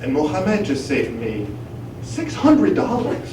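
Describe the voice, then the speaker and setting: Taking it slowly, a man with a slightly high voice tells a story to a live audience over a noisy background, with the audience laughing and the mic distant in a roomy venue. The college professor acts out his own and others' lines with animation and moves into fluent French.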